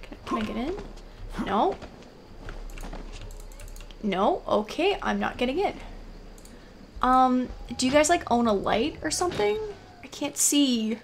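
High-voiced, jittery young woman gamer. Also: big pitch swings, measured pace, pauses often, slight background noise. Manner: jittery, anxious self-talk, repeating fearful phrases. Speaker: let's play gamer. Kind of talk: casual gameplay commentary.

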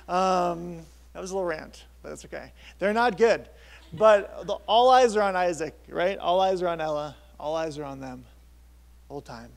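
During a church service, a pastor in his thirties delivers a sermon in a light, somewhat high tenor that has a gravelly edge. He speaks fairly quickly in a casual, conversational way, restarting often as he works through his points.

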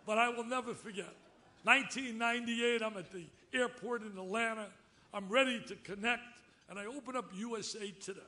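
A man in his seventies giving a lively, excitable acceptance speech, telling stories loudly. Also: very high voice, a little fast. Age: 70s. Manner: excitable, loud, storytelling, exclamatory. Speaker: award recipient giving a speech.

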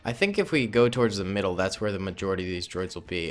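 A man's voice: low-pitched, animated, quick pace, hardly any pauses, faint music behind. A man giving casual, playful commentary over his own gameplay as a gaming host, joking with his viewers. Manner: playful, jokey, talks to viewers as "boys". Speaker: gaming YouTuber.

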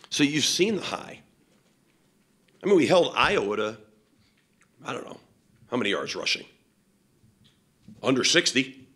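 A man's voice: a little high, a bit bright, breathy edge. A man, a head football coach, answering questions at a post-game press conference in a blunt, emphatic way, with many fillers.

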